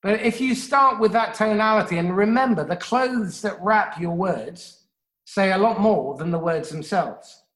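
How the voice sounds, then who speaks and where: Coaching talk, quick and instructive, keeps asking "yeah?", roomy echoing room. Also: mid-range voice, a bit bright. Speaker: sales and communication coach. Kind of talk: explanatory coaching talk on a radio show.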